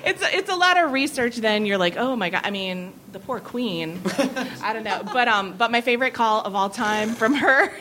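A woman in her thirties spins a comic story before a live audience, animated and quick to laugh. Her voice sits a little high, with faint room noise behind her. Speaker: comedy writer guest.

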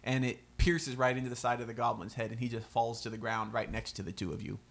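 A man narrating as game master in a tabletop game, relaxed and quick to laugh. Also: mid-range voice. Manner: relaxed, laughs often, easygoing.

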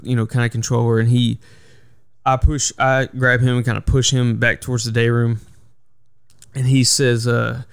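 A man's voice: mid-range voice, creaky, clear, resonant tone, no room sound, studio quality. A man hosting a solo podcast, telling a work story in a rambling way with lots of fillers. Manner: rambling, filler-heavy retelling. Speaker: podcast host. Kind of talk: casual storytelling monologue.

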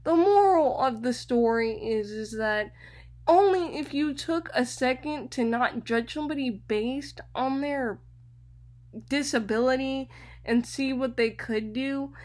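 A young woman from Florida, hosting a radio show and telling a personal story in an animated way, often repeating words. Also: high voice, a little slow. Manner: animated, repeats words, addresses listeners as y'all.

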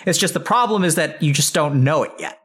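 Calm man coaching with measured talk. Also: fairly high pitch. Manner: measured, repeats yep, coaching tone. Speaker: host giving advice on the mind. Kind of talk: calm explanatory conversation.

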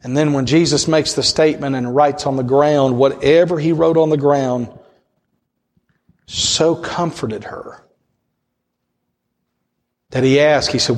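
High-voiced impassioned male preacher. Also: steady tone, a little slow, pauses often, long reverb tail. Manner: impassioned, swings between soaring high cries and low hushed storytelling. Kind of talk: sermon.

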